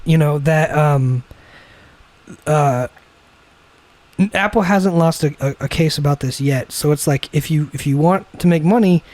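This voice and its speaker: A man's voice: a little high, a little slow, pauses often, darkish tone. A young man co-hosting a casual podcast chat over beers, ranting and swearing, often acting out what other people would say. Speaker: podcast co-host.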